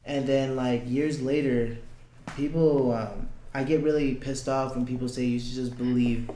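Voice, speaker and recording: A man's voice: mid-range voice, steady tone, normal speed, warm tone, slight background noise. Young guy on a podcast, casual storytelling, cusses a lot, roomy echo. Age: young adult. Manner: blunt, swears often, acts out quoted lines. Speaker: podcast guest.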